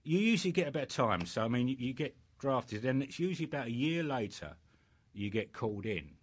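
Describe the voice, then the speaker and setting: A man's voice: mid-range voice, sing-song, a little fast, husky. Older British man telling rambling stories. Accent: British English. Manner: rambling anecdotes with many fillers. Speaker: interviewee. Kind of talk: storytelling in casual chat.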